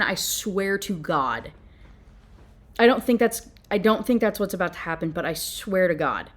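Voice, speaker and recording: Exasperated woman ranting about a book. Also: mid-range voice. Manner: animated, exasperated, jumps between reading and commentary. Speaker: book reviewer. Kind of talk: ranting book review with read-aloud passages.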